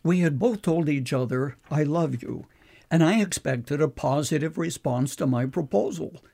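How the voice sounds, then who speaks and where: An older man, a preacher, earnestly recounting a personal story in a measured way. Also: on the high side, dark tone.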